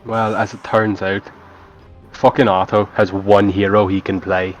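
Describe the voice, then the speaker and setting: A man's voice: on the low side, little pitch movement, measured pace, soft background music, rough recording. A man co-casting a game match as a guest player, with dry remarks and frequent swearing. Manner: dry, crude, swears often. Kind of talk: casual game commentary.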